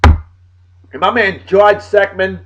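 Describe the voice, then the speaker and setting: A man hosting a casual vlog, giving loud shout-outs and stretching out names for emphasis. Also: high voice, steady tone, very slow, noisy background. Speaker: vlog host. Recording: dull lo-fi sound.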